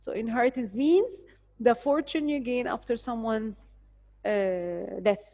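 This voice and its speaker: An English teacher with an Egyptian accent, a woman, walks through a spelling list, spelling each word letter by letter and repeating it patiently. Her voice sits a little high, and the recording is dull and lo-fi. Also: measured pace, mellow. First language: Arabic.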